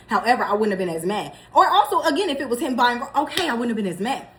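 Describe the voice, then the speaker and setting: A young woman vlogger telling a story in a casual, animated way, laughing as she goes. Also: on the high side, fast talker, hardly any pauses.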